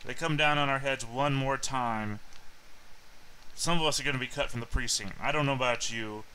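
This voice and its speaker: A gruff policewoman with a bright, tense edge, pressing and worried about her job, as a man puts her on at the game table. Her voice sits higher and louder than the narrator's own. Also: normal speed, slight background noise, natural voice, poor audio. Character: gruff, anxious female police officer.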